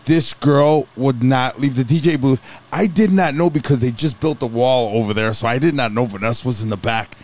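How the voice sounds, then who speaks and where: A man co-hosting a casual podcast, telling stories in a joking, profane, animated way. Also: mid-range voice, normal speed. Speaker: podcast co-host, DJ.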